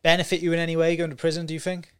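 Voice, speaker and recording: A man's voice: on the high side, completely flat delivery, rapid-fire, a bit bright, clear, resonant tone. A man hosting a casual podcast chat, swearing and answering with short, eager replies. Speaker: podcast host.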